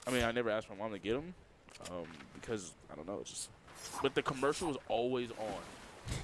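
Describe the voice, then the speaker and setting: A man co-casting an online game tournament, joking around in slangy, expressive banter. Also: lowish voice, a little fast. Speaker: esports co-caster. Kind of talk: casual game commentary and banter. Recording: noisy background ambience.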